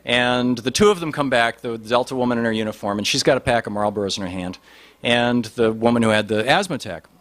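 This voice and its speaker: A man's voice: medium pitch, fast talker, a bit bright. Rambling male storyteller. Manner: rambling with many restarts and fillers. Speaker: speaker telling an anecdote. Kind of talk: storytelling talk.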